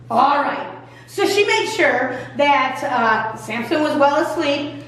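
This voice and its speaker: A woman pastor retelling a Bible story in a lively, jokey, colloquial way, recorded from far off in a church. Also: high-pitched, slow, a little hiss or hum. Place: church sanctuary. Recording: echoey hall, mic far off.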